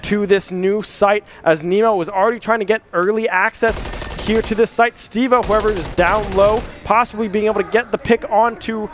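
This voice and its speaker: A young man calling live college esports play-by-play, rapid and rising at big plays. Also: sits high, fairly even intonation.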